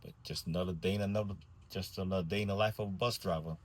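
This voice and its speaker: Husky low-voiced man telling wry stories. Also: racing. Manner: drawling, wry deadpan storytelling. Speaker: school bus driver. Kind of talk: comic storytime monologue.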